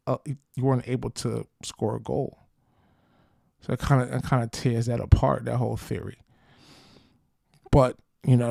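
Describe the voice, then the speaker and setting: A man's voice: mid-range voice, creaky, a little mellow, dry recording, clean studio sound. A man hosting a football podcast, talking in brash, slangy, trash-talking fan commentary.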